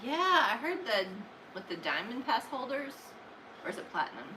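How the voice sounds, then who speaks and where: A woman's voice: fairly high pitch, normal speed. A woman co-hosting a casual live stream beside her husband, adding short remarks and laughing often. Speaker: host's wife and co-host. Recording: steady background noise.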